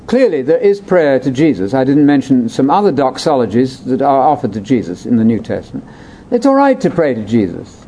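A man leading a conversational Bible discussion, explaining in an animated way that jumps between high and low pitch. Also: fairly quick, slight background noise. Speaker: Bible teacher.

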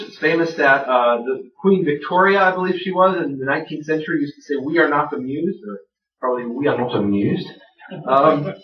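A man giving a conversational lecture to a live audience, self-deprecating, with many fillers and restarts. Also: fairly high pitch. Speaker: lecturer on biblical grammar. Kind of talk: classroom lecture with jokes. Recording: roomy, distant, dull lo-fi sound.

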